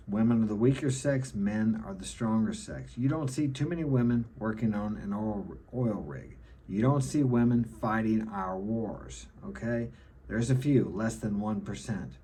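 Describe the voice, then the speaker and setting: A man's voice: on the low side, mellow, slightly rough. A middle-aged man giving an opinionated monologue to camera, lecturing and often ending his points with a checking "okay?". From United States. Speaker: self-help vlogger.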